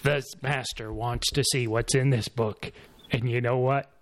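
A man's voice: medium pitch, steady tone, a little slow, pitched below the performer's own voice, lightly acted. A man voicing a flustered, forgetful old scholar who hunts vampires, with an exasperated, mock-dramatic manner.

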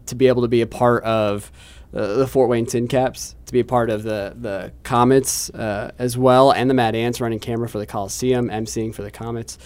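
A man's voice: mid-range voice, fairly even intonation, a little fast, a little mellow, clear, resonant tone. Chatty male news reporter telling a story. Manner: chatty storyteller, self-deprecating, many restarts. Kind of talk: casual chat, telling an anecdote.

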